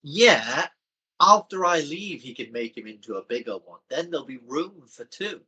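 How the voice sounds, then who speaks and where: A man's voice: a little high, expressive, normal speed, sharp tone, husky, highs cut off. A man playing a tabletop game, chatting casually and joking with frequent laughter. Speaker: player.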